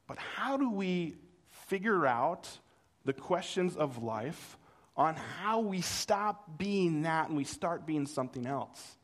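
A middle-aged man preaching a sermon, telling a childhood story with animated delivery and acting out the voices in it. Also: on the high side, a little slow. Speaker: pastor.

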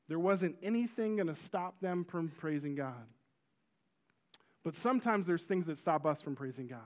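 A middle-aged pastor with a high-sitting voice preaches a sermon packed with personal stories. He tells them with animated energy and bursts of loud exclamation, and the audio sounds dull.

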